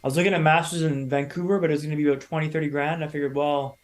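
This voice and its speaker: A man in his thirties from Canada, a podcast guest telling his own story in a lively, casual way and acting out other people's lines. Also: fairly high pitch, racing. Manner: animated storyteller, acts out quoted voices.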